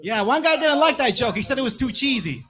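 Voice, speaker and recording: Laid-back young man doing stand-up on a club stage, with a fairly high voice. He leans on casual tags like "man" and "right?" between his jokes, speaking into a handheld stage mic. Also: big pitch swings, a little fast, music in the background. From Plymouth, Massachusetts. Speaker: stand-up comedian. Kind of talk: stand-up comedy set.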